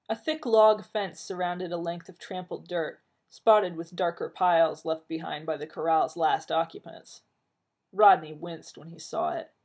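A woman narrating a story aloud in a steady, even reading. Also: fairly low pitch, breathy edge. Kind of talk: audiobook narration of fan fiction.

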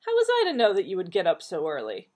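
Brief: brusque, no-nonsense mum, snappy and lively, read by a husky female narrator. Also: mid-range voice, normal speed, pitched above the performer's own voice. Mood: brisk. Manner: snappish and matter-of-fact. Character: sharp-tongued middle-aged mother, brisk and blunt.

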